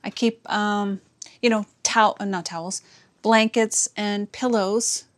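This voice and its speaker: A woman's voice: mid-range voice, fairly even intonation, measured pace. A woman vlogging at home as she cleans, chatting in a rambling, self-mocking way, with a camera mic. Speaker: vlogger, housewife. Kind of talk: casual chat while cleaning. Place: home, indoors and yard.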